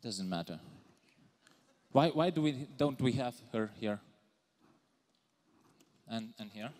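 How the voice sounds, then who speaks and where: This Lithuanian conference speaker, whose Eastern European accent is clear, teases and calls out audience members during a live talk in a large hall with long reverb. He takes his time, and his mid-range voice is expressive with a darkish tone.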